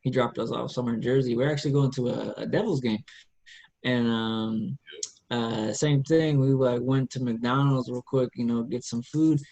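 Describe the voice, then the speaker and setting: A podcast co-host from central Pennsylvania, telling stories in relaxed, rambling casual chat. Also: male voice, medium pitch, moderate pace, vocal fry, highs cut off.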